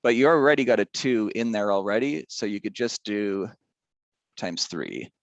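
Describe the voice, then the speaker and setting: A man's voice: on the low side, animated, normal speed, dry recording, highs cut off. A male teacher giving a casual math lesson, chatty and rambling, drifting into side stories.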